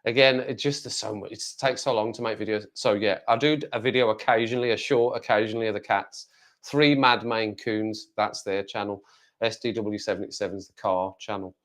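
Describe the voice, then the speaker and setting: A man's voice: on the low side, steady tone, a little fast, a bit bright. Rambling Black Country man on a live stream. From West Midlands, England. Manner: rambling, chatty, reads viewer comments aloud. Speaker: livestreamer. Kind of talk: casual live-stream chat.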